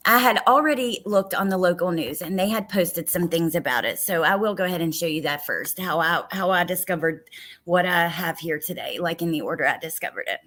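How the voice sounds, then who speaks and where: A woman's voice: lowish voice, brisk, a bit bright. A woman hosting a casual true crime livestream, talking a lot and greeting viewers by name, a little frustrated.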